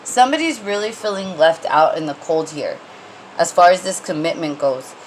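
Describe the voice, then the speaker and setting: A woman's voice: lowish voice, expressive, normal speed, a little hiss or hum, poor audio. A woman giving a casual tarot reading, rambling and conversational with many fillers and restarts, and blunt when she gets heated. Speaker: tarot reader.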